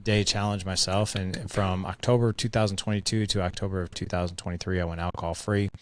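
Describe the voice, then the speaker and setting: A man's voice: low voice, fast talker. A man hosting a podcast interview, joking and chatty with plenty of fillers. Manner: jokey, energetic, many fillers. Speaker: podcast host. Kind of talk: casual interview chat.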